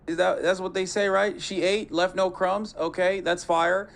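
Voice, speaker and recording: A man with a high-pitched voice talks fast and loose on a live stream. He swears freely and keeps things animated as he reacts to clips. His delivery is casual and mocking. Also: vocal fry. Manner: profane, animated, mocks voices.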